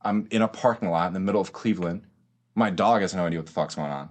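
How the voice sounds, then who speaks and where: Low-voiced and quick-talking, this twenty-something podcast guest recounts his story in slangy, profane language. He says "bro" a lot.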